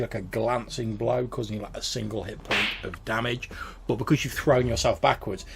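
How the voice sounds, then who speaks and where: Man, tabletop game master, gravelly, loose rambling delivery. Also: medium pitch, fairly bright tone, a little hiss or hum. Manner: casual, rambling, filler-heavy.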